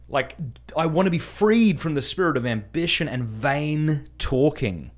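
A man, a podcast host, casually and earnestly walks listeners through a prayer, chatty and easily amused. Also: lowish voice. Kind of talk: casual spoken instruction.

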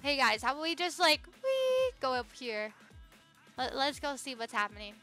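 Bubbly high-voiced woman streamer. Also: lively intonation, normal speed, sharp tone, faint music behind. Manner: bubbly, greets viewers by name, swings between squeals and low murmurs. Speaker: livestreamer. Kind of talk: live-stream gaming chat.

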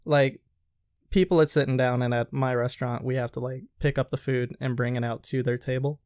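A man's voice: medium pitch, a little fast, no echo, studio quality. A young man in casual chat, animatedly retelling stories from his restaurant job and acting out what people said. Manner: animated retelling, acts out quoted lines. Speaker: podcast host telling work stories.

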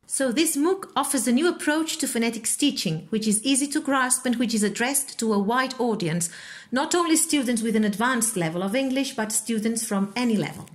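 Brief: female university lecturer, steady explanatory read, slightly high pitch. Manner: measured, explanatory. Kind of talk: scripted course presentation.

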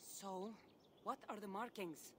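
A woman's voice: medium pitch, slow, a bit bright. An actress playing an ageless wandering woman warrior in a video game, wry and teasing, asking playful, probing questions. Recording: game audio with clear background noise.

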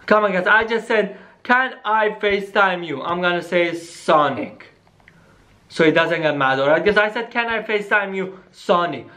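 A vlogger in a staged scary phone-call skit, excitable and talking straight to viewers, dropping into hushed tones at times. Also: medium pitch, moderate pace. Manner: excitable, keeps saying "guys", drops to hushed tones.

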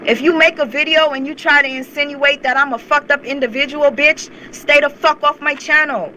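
A woman's voice: high voice, steady tone, normal speed, sharp tone, a little hiss or hum, low-quality recording. A young woman ranting on her vlog channel, heated, confrontational and swearing often. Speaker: YouTube commentator. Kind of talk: angry rant to camera.

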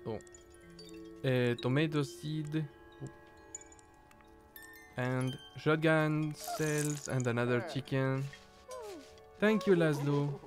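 A man casually commenting on his own game playthrough, rambling, swearing and joking about his losses. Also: fairly high pitch. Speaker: game streamer. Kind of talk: let's play commentary.

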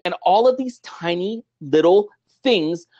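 A middle-aged man, a guest on an interview show, talking in an animated, motivational way and acting out little everyday scenes. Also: high voice, unhurried, dull audio.

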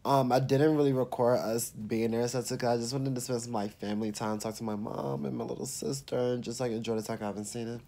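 A man's voice: medium pitch, steady tone, fast talker, gravelly, few pauses, warm tone. A young man talking casually to his vlog audience, rambling and padding his sentences with fillers. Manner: rambling, heavy on fillers like "and stuff". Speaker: vlogger.

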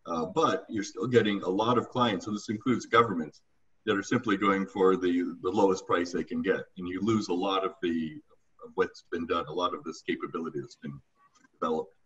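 A man's voice: low-pitched, fairly even intonation, fairly bright tone. A man speaking as a guest expert on a webinar panel over a video call, full of fillers and restarts, on distant, dull audio. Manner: rapid, filler-heavy.

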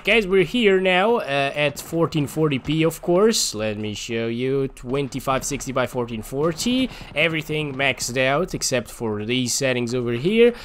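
A man giving live gameplay commentary as host of a gaming channel, excitable and swinging between muttering and frustrated shouts. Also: medium pitch, slight background noise.

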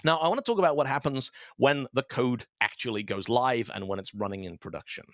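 A man's voice: medium pitch, fairly quick, no room sound. Chatty man giving a dry-sounding tech talk. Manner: animated storyteller who acts out quoted dialogue; conversational, with frequent fillers and asides. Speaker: conference speaker.

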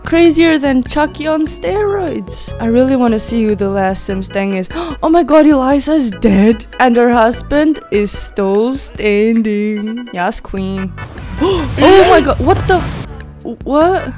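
A woman commentating on a chaotic life-sim game, gasping, laughing and exclaiming as she reacts. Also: a little high. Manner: excitable, gasping and exclaiming at the chaos. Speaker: gaming video creator. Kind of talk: let's play commentary. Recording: faint game music behind.

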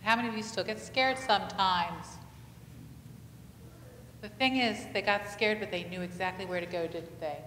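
Pausing often, a woman pastor with a mid-range, slightly bright voice speaks at normal speed in a conversational sermon, asking her congregation many questions and telling stories with animation. The echoey church sanctuary recording has faint ambience and a little hiss or hum.

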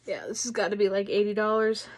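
Gushing, excitable woman unboxing. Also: medium pitch, fast talker, slight background noise. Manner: gushing and excitable, swears casually. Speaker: unboxing vlogger. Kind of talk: casual unboxing chat.

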